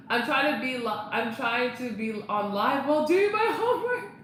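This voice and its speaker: Young woman, bubbly casual live-stream chat, bright tone, very echoey room. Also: high voice, animated, measured pace, a little hiss or hum. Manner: bubbly, chatty, laughs often. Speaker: livestreamer chatting with viewers.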